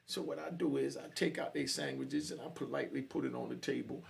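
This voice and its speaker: A man's voice: medium pitch, steady tone, brisk, vocal fry. A man telling his own jail story in casual street slang, often saying "you know".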